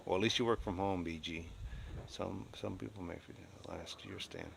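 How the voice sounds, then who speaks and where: Gravelly deep-voiced man ranting casually. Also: fairly even intonation, moderate pace, fairly bright tone, a little hiss or hum. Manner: blunt and opinionated, rambling with restarts. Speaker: livestreamer reading and answering chat. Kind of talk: casual live-stream chat. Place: at home.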